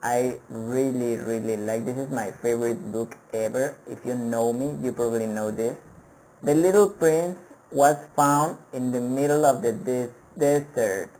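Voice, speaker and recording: Slow-talking male English teacher. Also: medium pitch, darkish tone, low-quality recording. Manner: patient, repeats words for pronunciation drills; hesitant with many fillers and restarts. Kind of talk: online vocabulary lesson.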